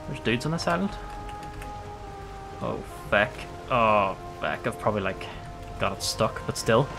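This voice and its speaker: A man's voice: fairly low pitch, expressive, unhurried, music in the background. A man streaming a game, giving casual gameplay commentary, playful, swearing often and laughing a lot.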